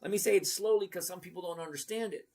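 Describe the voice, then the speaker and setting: Older guy in his 60s, gravelly husky voice, blunt and rambly, reading chat on a trading stream. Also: sits high, quick pace, a little mellow. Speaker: trading channel host. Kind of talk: casual livestream talk.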